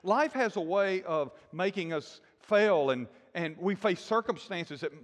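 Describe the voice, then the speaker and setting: An older man, a grandfather, preaching a sermon with emphatic declarations that drop to hushed, intimate asides. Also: high-pitched, animated, unhurried, long reverb tail. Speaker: pastor.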